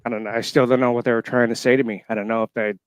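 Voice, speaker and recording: A man in his thirties from Florida, calling in to a show and haltingly telling a personal story full of fillers. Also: medium pitch, little pitch movement, smooth, no echo. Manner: halting, emotional, many fillers. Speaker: caller. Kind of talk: casual storytelling. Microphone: call-in line.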